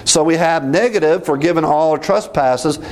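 A man teaching through Bible verses in a deliberate, emphatic way, repeating references as he goes. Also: a little high, darkish tone.

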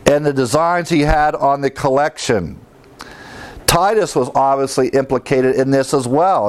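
Male pastor, mid-pitched, chatty verse-by-verse Bible teaching with wry asides. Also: a little mellow. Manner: conversational, with frequent fillers and wry asides. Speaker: pastor teaching through scripture.

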